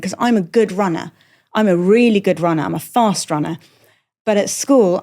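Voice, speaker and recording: A middle-aged woman from London with a middle-class English accent, a comedian telling candid stories as a podcast guest, animated and full of jokey asides. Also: medium pitch. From London, England. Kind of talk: candid conversational storytelling.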